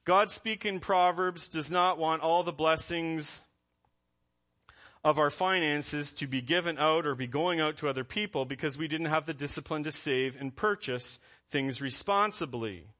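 A man's voice: fairly high pitch, pushed and bright. A man preaching a conversational sermon as pastor, reading scripture aloud between asides.

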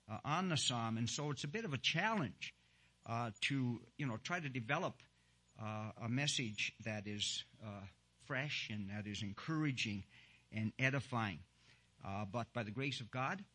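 A man preaching a sermon and leading prayer, halting and earnest, with many "uh" fillers and slow emphasis on key words. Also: fairly low pitch, fairly bright tone. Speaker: pastor.

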